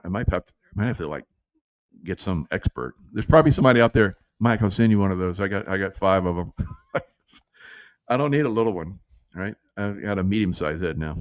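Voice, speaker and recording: Man, middle-aged, low voice, dry close sound, casual commentary host, brash, laughing, mimicking critics. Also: no room sound. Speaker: show host.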